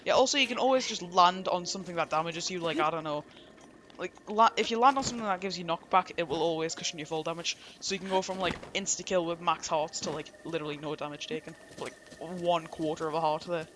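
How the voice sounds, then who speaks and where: A man's voice: a little high, quick pace, pushed and bright, slight background noise. A man with an English accent giving casual, rambling, jokey commentary over a game playthrough. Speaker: gameplay streamer. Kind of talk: casual let's-play commentary.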